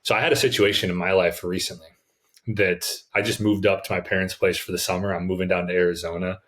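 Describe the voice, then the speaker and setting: A man hosting a podcast, talking in a relaxed, enthusiastic way with lots of casual fillers. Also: deep voice, quick pace. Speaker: podcast host.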